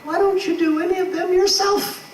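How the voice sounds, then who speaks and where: A squeaky little inner voice that pipes up politely and nags, put on by a man mid-talk. It stretches its words out slowly and sits far above a normal speaking pitch. The sound comes from a distance in an echoey, noisy hall. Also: steady tone. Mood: prodding. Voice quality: squeaky, high. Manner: politely prodding, drawn-out. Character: tiny polite nagging inner voice, male.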